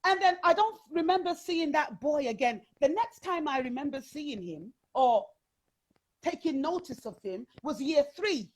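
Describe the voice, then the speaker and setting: A woman with a British accent shares her life story as an interview guest. Her voice sits high and swoops up and down with energy. She talks in a chatty, animated way, full of fillers and restarts. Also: a little slow, poor audio.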